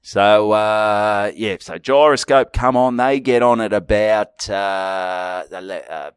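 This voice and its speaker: A man's voice: on the low side, takes it slowly, clean tone, no echo. A middle-aged Australian man telling a rambling, sweary story on a podcast he co-hosts. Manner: rambling, swearing, animated anecdote. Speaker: podcast co-host. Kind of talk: casual storytelling chat.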